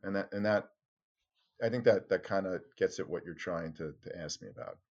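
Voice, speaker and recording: A man in conversation, recounting a story with lively energy and throwing his voice up high whenever he quotes someone. His audio sounds a bit dull and lo-fi, like a remote call. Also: fairly quick. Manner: animated, acts out quotes with sharp jumps in pitch. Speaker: interview guest, former tabloid reporter.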